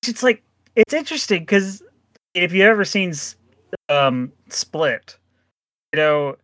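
A man's voice: sits high, big pitch swings, measured pace, sharp tone, no echo. A man chatting casually as a podcast co-host, rambling with many restarts and frequent laughs. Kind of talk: casual chat.

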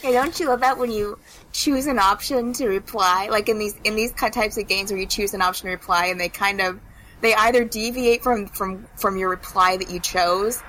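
This woman co-hosts a podcast, her medium-pitched, fairly bright voice wandering through a casual chat about a video game full of fillers and performed character quotes. The recording is low quality, with a little hiss or hum.

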